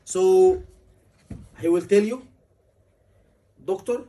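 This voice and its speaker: A man's voice: high-pitched, expressive, normal speed, a little mellow, distant mic, a little hiss or hum. A man, tutoring a class for a medical exam, emphatic and repeating key words over and over. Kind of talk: classroom lecture.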